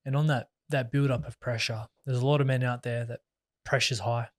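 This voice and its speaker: A man's voice: medium pitch, fairly even intonation, brisk. A man hosting a podcast, appreciative and encouraging, asking his guest open questions. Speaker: podcast host. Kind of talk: casual interview chat.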